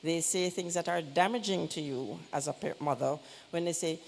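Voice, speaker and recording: A woman in her fifties with a Jamaican accent speaks fast and direct, with a low, gravelly voice. She delivers a church health talk with joking asides. The sound carries a long hall reverb over faint room ambience. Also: animated, slight background noise. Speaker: pediatrician giving a health talk.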